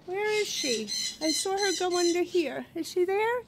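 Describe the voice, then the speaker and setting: A woman's voice: extremely high pitch, expressive, normal speed. A woman vlogger in her bird room, talking to her pet birds in a coaxing, sing-song way. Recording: loud bird noise in room. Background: loud squawking parrots.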